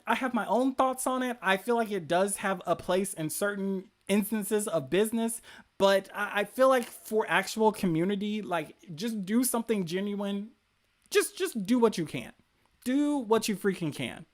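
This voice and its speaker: A man's voice: high-pitched, a bit bright. A man hosting a casual livestream, reading chat comments aloud and cheering viewers on in an upbeat, filler-heavy way. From rural area. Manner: upbeat and hyping, fast with many fillers. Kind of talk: casual live-stream chat.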